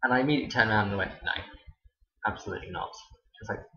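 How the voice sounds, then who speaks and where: A man's voice: fairly low pitch, very fast, sharp tone. Young man, teacher, casual sarcastic anecdotes, dull muffled sound, echoey room. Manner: dry, sarcastic delivery. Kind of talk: casual storytelling to camera.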